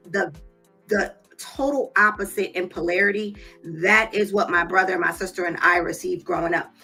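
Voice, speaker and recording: A woman's voice: mid-range voice, gravelly, bright, forceful tone, slightly rough. A woman hosting a live stream, who tells her own story candidly and speaks straight to her viewers. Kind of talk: casual live-stream talk.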